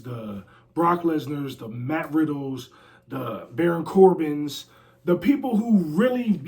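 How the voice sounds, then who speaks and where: A man talking casually in an interview, brash and boastful with lots of slang and trash talk. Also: on the high side. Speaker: interview guest, former pro wrestler. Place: a house.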